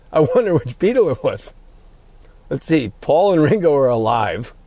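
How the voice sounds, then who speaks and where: A man's voice: fairly high pitch, very animated, a little slow, dark tone, slight background noise. A middle-aged man hosting his podcast alone, rambling and ad-libbing in a profane, casual monologue. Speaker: podcast host.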